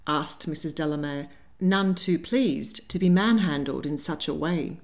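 A woman narrating a humorous period novel in a measured, clear storytelling voice. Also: low-pitched. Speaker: audiobook narrator. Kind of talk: scripted narration.

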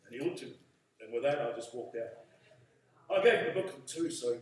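A man's voice: medium pitch, expressive, normal speed, pauses often. A man preaching, telling a story and leading prayer, acting out the dialogue. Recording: echoey room from far off.

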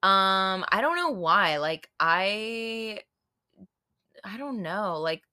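A woman's voice: medium pitch, animated, extremely slow, pushed and bright, clear, resonant tone. A woman in her twenties hosting a podcast, chatting casually and rambling, full of fillers, frank and playful with swearing. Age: 20s. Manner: rambling, full of "like" and "I don't know". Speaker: podcast host. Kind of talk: casual solo podcast chat.

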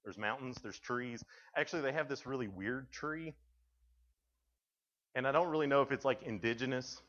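A man's voice: medium pitch, normal speed, a bit bright, a little hiss or hum. Joking young Tennessee man, muffled. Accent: Tennessee Southern American. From Tennessee, USA. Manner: joking storyteller who acts out dialogue. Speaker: youth speaker. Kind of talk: humorous talk to students. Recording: dull lo-fi recording.

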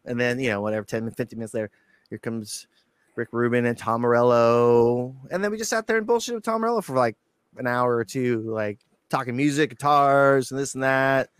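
A man telling a profane, animated story as a guest on an interview show, acting out quotes. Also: medium pitch, brisk, smooth, dry recording, clean studio sound. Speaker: guitarist guest.

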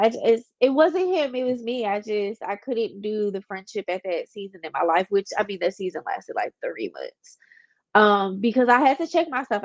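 A woman's voice: medium pitch, no room sound, dull audio. A young woman hosting a podcast, stuffy from a cold, talking candidly and rambling with many "like"s. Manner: candid, rambling, heavy use of "like". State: congested, stuffy nose. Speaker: podcast host. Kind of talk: casual personal monologue.

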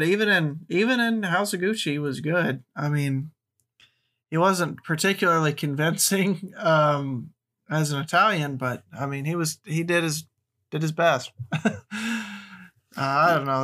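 Blunt, rambling man, slightly high voice. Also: bright, forceful tone. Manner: rambling, blunt, restarts often. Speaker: podcast host. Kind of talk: casual movie chat.

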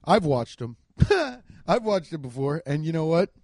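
A man doing a casual comedic rant, profane and excitable, acting out the voices of people he quotes, on a handheld mic. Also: on the high side, a little slow, dry recording. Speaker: stand-up comedian. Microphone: handheld microphone.

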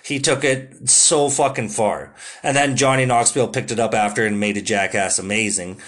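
A young man hosting his podcast, talking casually and excitedly, full of swearing and "dude" and "like". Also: fairly low pitch. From Canada. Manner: profane, excitable, drawn-out "dude" and "like" fillers. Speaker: podcast host. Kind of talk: casual solo podcast monologue.

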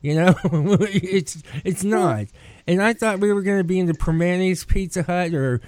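A man's voice: sits high, normal speed, darkish tone, no room sound. A man, hosting a podcast and telling a rambling, profane story. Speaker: podcast host. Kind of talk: casual chat.

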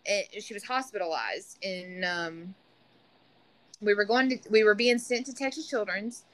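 A woman's voice: mid-range voice, a little slow. A single mother talking earnestly in a podcast conversation, often restarting her sentences. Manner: earnest, frequent restarts and "you know".

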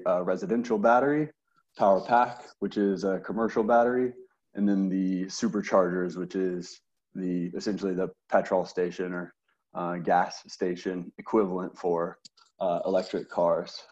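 A man's voice: low-pitched, a little mellow, highs cut off. A man being interviewed as a guest, speaking hesitantly with repeated words and many fillers. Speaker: interview guest, service manager. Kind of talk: casual interview.

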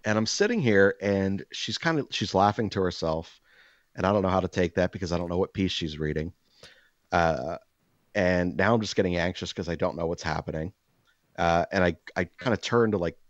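A man telling a personal story in a loose, animated way, cursing freely and acting out what people said. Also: sits low, moderate pace, no room sound. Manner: animated, profane, acts out dialogue. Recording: dull, dry lo-fi sound.

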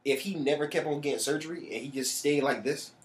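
A co-host in a relaxed, animated chat, telling stories and laughing often. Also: mid-range voice, quick pace. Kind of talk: casual chat. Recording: roomy echo.

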